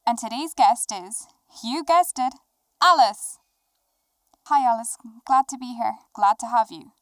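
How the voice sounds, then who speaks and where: A woman voicing a young woman who acts as a teasing talk-show host and interviews herself in an animated film. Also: a little high, measured pace, no echo.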